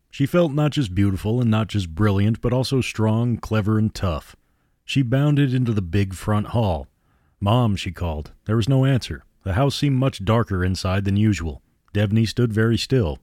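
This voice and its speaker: A man hosting a horror podcast, reading the story in a theatrical, measured way. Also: fairly low pitch, a little mellow, no echo, clean studio sound. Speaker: podcast host and narrator. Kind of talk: dramatic horror narration.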